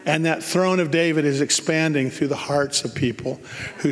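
A man's voice: on the high side, fairly even intonation, normal speed, long reverb tail. A man preaching a sermon, emphatic and repeating key phrases for effect.

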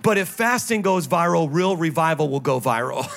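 Guy pastor with a high voice preaching on stage, playful asides then dropping low and quiet for emphasis. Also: lively intonation, moderate pace, creaky. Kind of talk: sermon. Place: church stage.

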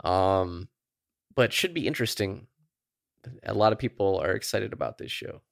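Male podcast co-host, deep-ish voice, rambling casual delivery, dry room. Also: normal speed, gravelly, dry recording. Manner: rambling, filler-heavy, laid-back. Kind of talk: casual chat.

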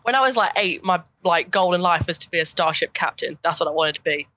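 A young woman in casual chat, animated and quick to laugh. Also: fairly low pitch. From United Kingdom.

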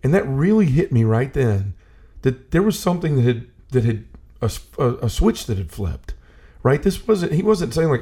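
A man's voice: medium pitch, sing-song, normal speed, warm tone, slightly rough. A man talking earnestly in a casual conversation about faith, telling stories and often restarting his sentences. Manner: earnest storyteller, restarts and repeats himself.

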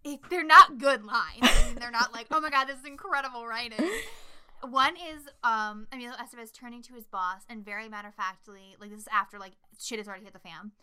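A woman's voice: on the high side, quick pace, hardly any pauses, clear, resonant tone. A woman co-hosting a casual podcast chat about movies, swearing freely and acting out the lines she quotes. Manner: swears a lot, animated retelling with quoted lines. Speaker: podcast co-host.

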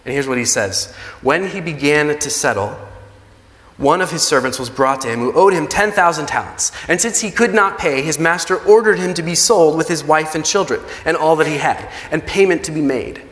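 A man's voice: on the high side, moderate pace, fairly bright tone. Man preaching in a reverberant hall. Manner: conversational preaching, acts out quoted pleas. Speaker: pastor. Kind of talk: sermon. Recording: long reverb of a large hall.

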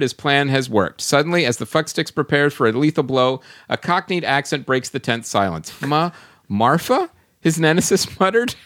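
Breaking into laughter often, a male podcast host with a mid-range, fairly bright voice reads out listener comments in a pompous, playful tone.

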